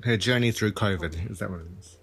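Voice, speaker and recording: A man's voice: on the low side, fast, a bit bright. A man co-hosting a casual movie podcast, joking and teasing. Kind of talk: casual movie commentary chat.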